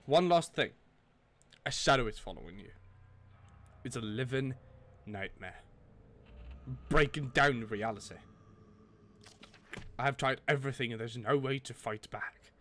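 Man doing a put-on British accent for a solemn letter, measured. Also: mid-range voice, bright, forceful tone. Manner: grave, measured reading. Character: solemn young man writing a note to himself.

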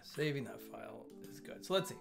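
A man's voice: mid-range voice, animated, a little fast, gravelly. A man hosting a casual live coding stream, thinking aloud as he works and chatting with viewers as they arrive. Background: chill lo-fi music.

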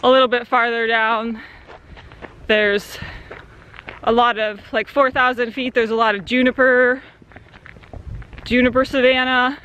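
A woman's voice: a little high, flat delivery, unhurried, long pauses, fairly bright tone, a little hiss or hum. A young woman from Central Arizona, talking casually in a rambling vlog by a creek swimming hole, with many fillers. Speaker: vlogger. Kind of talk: casual outdoor vlog talk.

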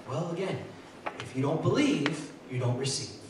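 A man's voice: fairly high pitch, moderate pace. Earnest preacher man in an echoey hall. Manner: earnest, repeats words, rising to excited bursts. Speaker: pastor. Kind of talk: sermon. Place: church sanctuary. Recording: echoey hall, mic far off, faint noise.

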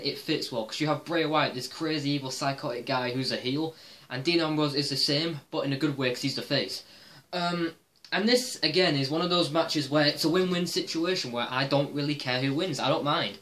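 A man's voice: a little high, normal speed, a bit bright. Rambling, foul-mouthed male wrestling vlogger. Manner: rambling and profane, with frequent "um" fillers. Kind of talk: casual opinion monologue.

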